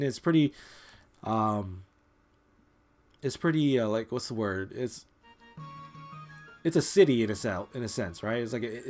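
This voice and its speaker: Rambling, casual gaming commentator man. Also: medium pitch. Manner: rambling, full of "like" and "you know". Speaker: let's play host.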